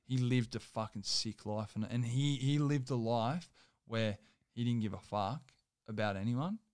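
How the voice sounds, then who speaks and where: A young man in his twenties speaks as a guest, rambling through a personal story with plenty of swearing and filler words. His voice is clear and smooth. It sits dry and close, with no room around it. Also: mid-range voice, unhurried, a little mellow, no echo. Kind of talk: casual storytelling.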